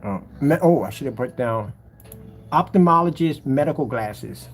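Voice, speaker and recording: A man's voice: medium pitch, lively intonation, moderate pace, a little hiss or hum. A man ranting jokingly in a casual commentary, mocking and slangy, laughing often as he exaggerates. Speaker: screen paint seller.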